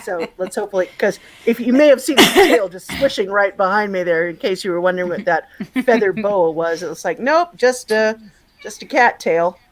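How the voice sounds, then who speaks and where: A woman's voice: mid-range voice, normal speed, poor audio. A woman guest chatting casually on a video call, explaining things in a digressive, talkative way with lots of fillers. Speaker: guest, magazine and radio presenter. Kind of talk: casual chat, explaining word history.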